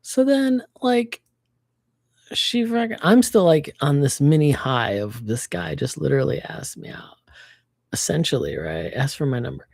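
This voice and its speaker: A woman livestreaming a casual chat, telling an animated story full of swearing. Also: sits low, unhurried, creaky, dry recording, clean studio sound. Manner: animated storytelling, swears freely, acts out quotes.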